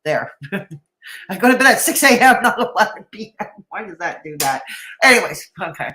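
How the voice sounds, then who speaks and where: A woman's voice: mid-range voice, animated, moderate pace, sharp tone, slight background noise. A woman streaming live, reacting to a video with sarcastic commentary, laughing often and chatting with her viewers. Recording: roomy echoey room.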